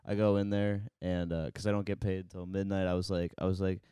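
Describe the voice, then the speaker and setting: Smooth low-voiced young man telling anecdotes. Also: brisk, dry recording, studio quality. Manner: animated anecdote-teller. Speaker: podcast co-host. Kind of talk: casual chat.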